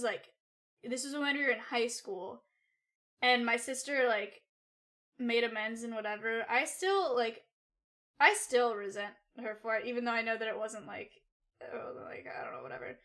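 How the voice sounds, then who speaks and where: On a livestream, a young adult woman with a somewhat high, slightly bright voice recounts a personal story to her chat. Her style is rambling and loose, full of swearing and "like."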